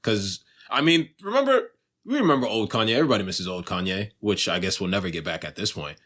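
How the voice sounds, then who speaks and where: A man's voice: lowish voice, very animated, fast, fairly bright tone. A young man co-hosting a casual podcast chat, rambling and restarting his sentences, swearing freely. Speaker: podcast co-host.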